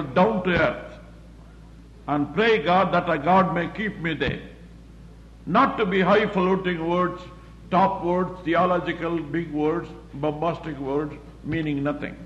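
A man's voice: fairly high pitch, fairly bright tone. Man preaching a sermon, echoey room. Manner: plain-spoken, repetitive, halting with fillers. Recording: roomy, muffled recording with faint background hum.

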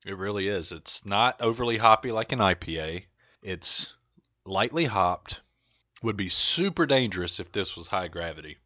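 A man's voice: fairly low pitch, expressive, bright, forceful tone, no room sound. A man co-hosting a casual beer-tasting podcast, talking up a beer with enthusiasm, close to the mic. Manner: enthusiastic, drawn-out praise. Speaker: podcast co-host. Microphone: close microphone. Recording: dull lo-fi dry recording.

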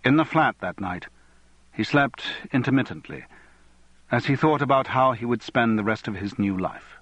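A man reading a novel aloud as audiobook narrator, measured and even. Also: mid-range voice, no room sound, lo-fi sound. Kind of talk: scripted narration.

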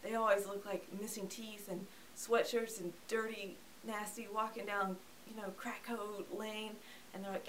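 A woman's voice: medium pitch, level tone, normal speed, a little hiss or hum. Chatty woman joking through a movie review. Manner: chatty and joking, acts out characters. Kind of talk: casual comedic movie review.

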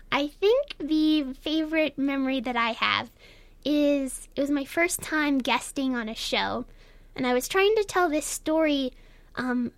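A young woman with a notably high, girlish voice speaks as a radio guest. She is chatty and self-deprecating, often breaking into laughs, and the studio sound is close and dry. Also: dry recording. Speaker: guest, student radio presenter. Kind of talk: casual radio interview.

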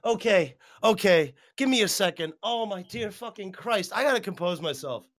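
A high, bright-toned man talking fast and excitably as a podcast host, swearing freely and laughing often. His pitch swings widely, and the sound is dry and close with no room tone. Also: no room sound. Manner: excitable, profane, laughing a lot. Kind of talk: casual livestream podcast chat.

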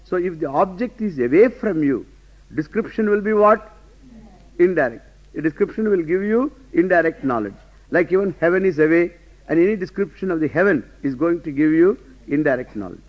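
A high-pitched man teaches in a lecture, stressing points and throwing questions at his listeners. The sound is muffled and lo-fi, like an old class recording. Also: expressive, a little fast. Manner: rhetorical questions, emphatic, laughing asides. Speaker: Vedanta teacher.

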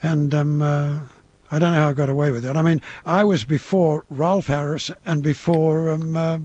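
A man's voice: fairly high pitch, fairly even intonation, moderate pace, darkish tone, no room sound, highs cut off. An older man with an Australian accent, telling showbusiness anecdotes in an interview with rambling restarts and quoted voices. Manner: rambling raconteur, hesitant restarts, mimics others in quotes. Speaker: interview guest, veteran entertainer.

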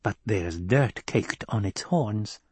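Man voicing a low, husky desert housekeeper woman. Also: animated, no room sound, heavily acted. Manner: slow, low and muttering. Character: fierce desert housekeeper woman, secretive and devout. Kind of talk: audiobook character voice.

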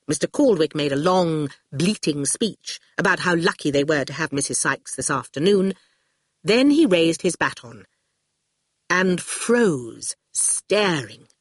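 An audiobook narrator reads scripted narration expressively, letting the voice drop for speech tags. The intonation is animated, rising and falling widely. The sound is close and dry. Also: mid-range voice, a little slow, slightly rough, no echo.

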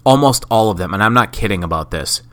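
Sick male podcaster, solo rambling monologue, swears and mocks himself; bright, edgy, low-pitched voice. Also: lively intonation, fast. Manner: rambling, profane, self-mocking. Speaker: podcast host.

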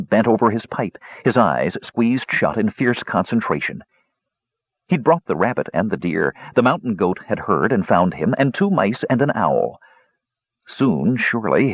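Low, husky man narrating a story. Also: no room sound, muffled recording. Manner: expressive storytelling, voices for each character. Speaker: audiobook narrator. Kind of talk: scripted narration.

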